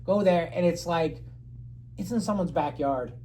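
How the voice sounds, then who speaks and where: A man telling a story in casual podcast chat, animated and profane, his voice jumping high whenever he quotes himself. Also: unhurried, low-quality recording. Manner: animated, swears a lot, jumps high when quoting himself.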